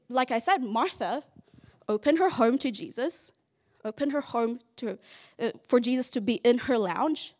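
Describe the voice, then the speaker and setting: A woman giving a casual, chatty Bible study talk, playful and full of "like" fillers. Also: sits high.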